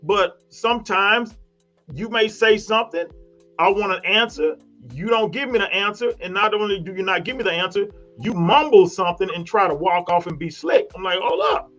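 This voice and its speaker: A man's voice: sits high, normal speed, a bit bright, highs cut off, soft background music. A man arguing defensively on a live panel show, acting out his own lines in quotes. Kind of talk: heated panel debate.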